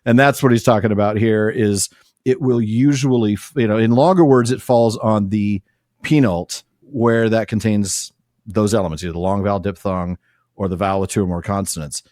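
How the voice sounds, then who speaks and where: A man's voice: lowish voice, normal speed, a little mellow, dry recording, clean studio sound. A man co-hosting a podcast, reading passages aloud and breaking them down in casual discussion. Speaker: podcast co-host.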